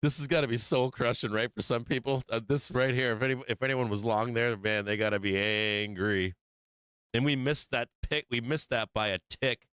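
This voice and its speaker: A man's voice: medium pitch, moderate pace, a bit bright, smooth, dry recording, studio quality. A man hosting a live stock market stream, commenting casually on charts, laughing often, swearing and teasing his chat. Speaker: stock market livestream host.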